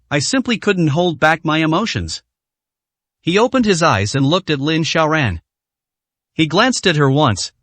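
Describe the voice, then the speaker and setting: A man's voice: a little high, a bit bright, dry recording. A man narrating a translated romance story in a scripted storytelling style.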